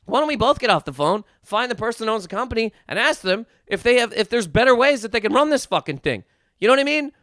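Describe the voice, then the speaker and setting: High-voiced man in a profane rant. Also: big pitch swings, fast, fairly bright tone, no room sound, clean studio sound. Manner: heated, profane, ranting with many restarts. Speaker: podcast host.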